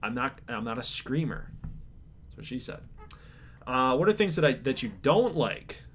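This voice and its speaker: A man hosting his channel, reading out viewer survey answers in a laid-back, chill way, calling his own voice monotone and chuckling now and then. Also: mid-range voice, measured pace, slight background noise. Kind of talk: casual chat to camera.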